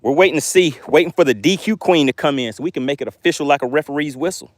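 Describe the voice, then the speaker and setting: A man hosting a live fishing stream from a boat on a lake, chatting with viewers and getting excited over his catches. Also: fairly high pitch, fast, no room sound, clean studio sound. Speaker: fishing livestream host. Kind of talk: live fishing stream, reading chat aloud.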